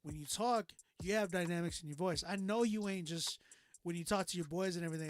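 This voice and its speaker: High-voiced man giving casual critique. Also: a little fast, a bit bright, slight background noise. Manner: loose and emphatic, often says "you know what I'm saying". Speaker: music reviewer hosting a live stream. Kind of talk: casual live critique chat.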